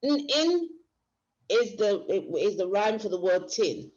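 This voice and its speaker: A woman's voice: medium pitch, sing-song, slow pace, darkish tone. A woman teacher giving a workshop lecture, explaining step by step and often restarting her phrases. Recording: dull lo-fi recording.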